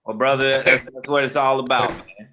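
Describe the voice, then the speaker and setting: A man's voice: mid-range voice, steady tone, normal speed, pushed and bright, soft background music. A man teaching a real estate webinar on a video call, informal and friendly, calling listeners man and brother. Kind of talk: online webinar instruction.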